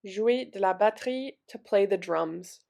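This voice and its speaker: A woman runs a French vocabulary lesson at an unhurried pace. She repeats each word several times before explaining it in relaxed English, with a gravelly edge to her voice. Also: medium pitch. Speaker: French teacher.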